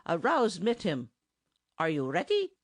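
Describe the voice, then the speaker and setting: A woman's voice: lowish voice, wildly swooping pitch, unhurried, no echo, heavily acted. A woman voicing a bossy, pompous middle-aged German bandmaster who speaks mangled English with a thick German accent, in a dry audiobook recording. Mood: blustering. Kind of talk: audiobook character voice.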